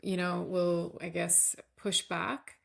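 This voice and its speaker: A woman's voice: fairly low pitch, level tone, takes it slowly, creaky. A woman hosting a podcast interview in a chatty conversational manner, with frequent affirmations. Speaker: podcast host.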